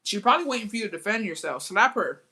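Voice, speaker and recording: A woman's voice: medium pitch, fast, breathy edge. A woman, chatting to her viewers in a blunt, profane way, slipping Spanish into her English and telling stories with theatrical asides. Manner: animated storytelling with theatrical asides. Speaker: vlogger. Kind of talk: casual chat to viewers.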